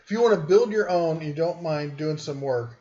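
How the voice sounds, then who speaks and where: A man's voice: on the high side, moderate pace, darkish tone, lo-fi sound. A man hosting a casual livestream from home, joking and rambling as he reads viewer comments aloud. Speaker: livestream host. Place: home den.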